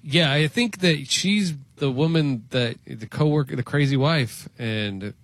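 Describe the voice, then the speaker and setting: A man's voice: a little high, unhurried, no echo. Blunt, matter-of-fact radio co-host man. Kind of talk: radio talk show.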